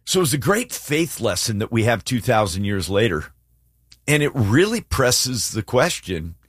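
A man's voice: normal speed, breathy edge, dry recording, studio quality. A man co-hosting a casual Bible discussion, acting out quotes with big swings in his voice. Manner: animated, acts out quotes with swings in pitch. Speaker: co-host of a faith talk show.

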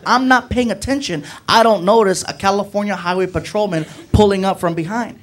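A man doing stand-up comedy, telling a story and acting out the people in it with shouted, animated voices. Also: high voice, a little fast, few pauses.

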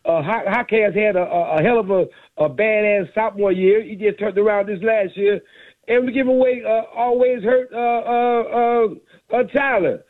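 A man calling a sports radio show, arguing his point fast. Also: high voice. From Miami area. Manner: argumentative, fast. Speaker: caller. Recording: tinny phone line.

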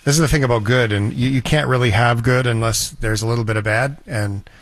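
A man's voice: medium pitch, fairly even intonation, a little fast, no room sound. A man hosting a casual chat, reflective and easygoing, with a joking edge. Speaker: host.

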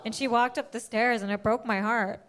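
A woman telling a stand-up comedy story in an animated way, her voice squealing upward as it rises. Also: on the high side, moderate pace.

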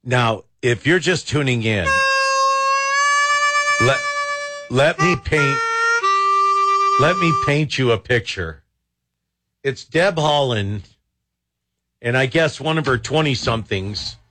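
A man's voice: medium pitch, animated, slow, pauses often, bright, forceful tone, faint music behind. A man hosting a talk radio show, rambling and exasperated, with many false starts. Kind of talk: casual talk radio commentary.

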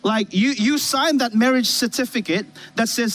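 High-voiced man preaching a casual sermon. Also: normal speed, a bit bright, poor audio. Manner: storytelling with rhetorical questions to the congregation. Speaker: pastor. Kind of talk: conversational sermon. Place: church stage with a worship band. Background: faint keyboard pad music.

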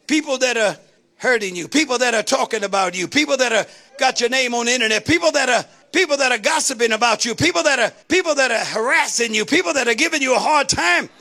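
A woman's voice: fairly high pitch, expressive, fast talker, pushed and bright. A woman preacher delivering a sermon in a rhythmic call-and-response style, building to rising exclamations.

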